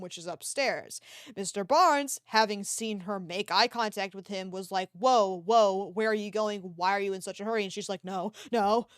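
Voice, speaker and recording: A young-sounding woman talks loosely into a desk mic, her pitch jumping up and down as she rambles through a story and swears along the way. The sound is close and dry, with no room around it. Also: a bit bright, no echo. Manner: rambling, swears freely, laughs often. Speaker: art streamer. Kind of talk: casual livestream chat. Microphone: desk microphone.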